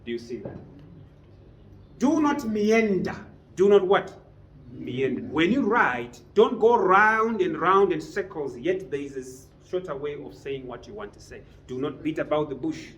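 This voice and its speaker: A man's voice: on the high side, lively intonation, a little slow, fairly bright tone, muffled recording, a little hiss or hum. A man teaching a business writing class, lecturing and often putting questions to his students. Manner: quizzes the class with frequent questions. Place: training room with a class.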